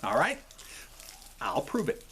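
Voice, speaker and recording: A man's voice: mid-range voice, wildly swooping pitch, takes it slowly, fairly bright tone, a little hiss or hum. A man hosting a video from his home, explaining things in a casual, rambling way, often apologizing and checking in with "okay?". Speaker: video host. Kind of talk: casual explanatory talk to camera.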